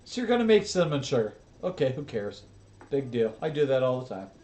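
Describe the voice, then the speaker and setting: Middle-aged male reaction host, lively pitch, crude and laughing, roomy echoey sound with faint music. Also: brisk. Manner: profane, laughing, exasperated outbursts. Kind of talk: casual reaction commentary.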